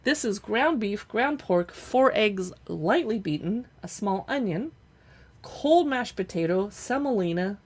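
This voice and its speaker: A woman live streaming as she pages through cookbooks, chatting casually and reading recipe lists aloud as she thinks out loud. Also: mid-range voice, lively intonation, measured pace. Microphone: streaming setup.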